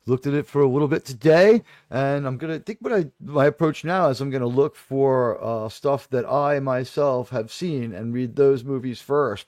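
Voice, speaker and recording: A man's voice: medium pitch, darkish tone, no room sound, clean studio sound. A man hosting a casual livestream chat, rambling and digressive with sudden aggrieved outbursts. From New York.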